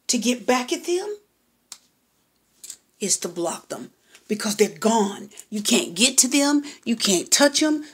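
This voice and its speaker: A woman's voice: fairly high pitch, husky. A woman giving a personal tarot reading, talking straight to the client, repeating her points and checking in with "okay?". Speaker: tarot reader.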